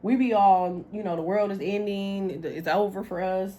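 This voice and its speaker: A woman's voice: medium pitch, moderate pace. Blunt, slangy woman reading tarot. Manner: blunt, slangy, animated, laughs often. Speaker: tarot reader. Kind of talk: casual tarot reading to camera.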